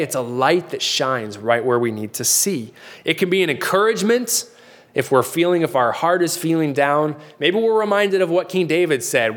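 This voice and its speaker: A man's voice: on the high side, big-room sound. A middle-aged man preaching a sermon in an earnest, conversational way, often restarting his phrases. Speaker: pastor.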